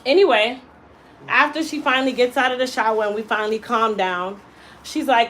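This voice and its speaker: This hairstylist and salon owner, a young adult woman, speaks fairly quickly in a fairly high voice. Animated and emotional, she recounts something personal and performs the voices of the people she quotes, over slight background noise on a rough recording.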